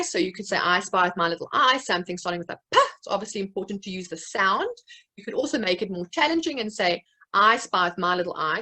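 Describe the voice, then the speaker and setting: A woman's voice: medium pitch, a bit bright, low-quality recording. A woman with a South African accent, a speech-language therapist, presenting an educational webinar and explaining classroom activities with examples and occasional fillers. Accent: South African English.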